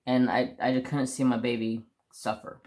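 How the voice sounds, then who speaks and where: A man's voice: medium pitch, flat delivery, moderate pace, darkish tone, slight background noise. A man casually telling a long personal story on his crafts channel, rambling with restarts and mild swearing. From United States.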